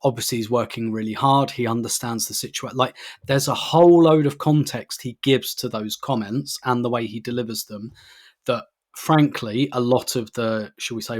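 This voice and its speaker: A man co-hosting a casual podcast, talking at length with frequent laughs and restarts. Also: medium pitch. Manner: rambling, laughs often, many restarts. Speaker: podcast co-host.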